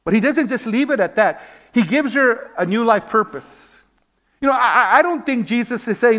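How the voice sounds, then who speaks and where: A man with a high voice preaches a sermon from the pulpit. He tells a story, throws rhetorical questions at the congregation and calls out amen, now and then repeating a word while he searches for the next. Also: animated, brisk, bright, forceful tone. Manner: repeats words when searching for them. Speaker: pastor.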